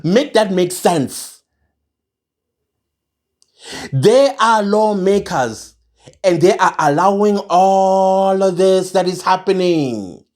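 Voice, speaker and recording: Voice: medium pitch, a little mellow. Angry South African vlogger, emphatic rant to camera, repeats key phrases. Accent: South African, mixing isiZulu. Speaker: online commentator. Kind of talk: impassioned rant to viewers.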